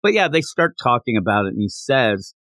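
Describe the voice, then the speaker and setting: A man's voice: medium pitch, fairly quick, dry recording. A man co-hosting a podcast, chatting casually and joking as he recaps a manga chapter. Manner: animated, jokey, slips into character voices. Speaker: podcast co-host.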